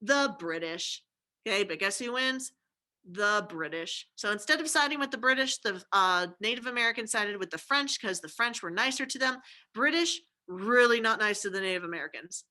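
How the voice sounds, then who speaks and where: A woman's voice: fairly high pitch, animated, a little fast, bright, forceful tone. A woman giving a recorded history lecture, chatty and informal, often checking in with "okay?" and throwing in jokey asides. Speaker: history teacher.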